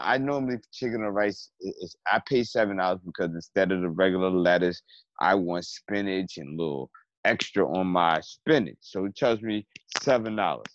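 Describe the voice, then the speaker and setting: In a casual chat, a man with a fairly low-pitched voice tells a story energetically, acting out both sides of an argument. The recording is dry and slightly dull, with faint background noise.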